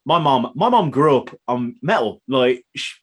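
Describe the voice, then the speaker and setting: A man hosts a casual podcast, chatty and laughing along. His voice is husky and his pitch moves around a lot. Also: expressive, unhurried. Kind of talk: casual chat.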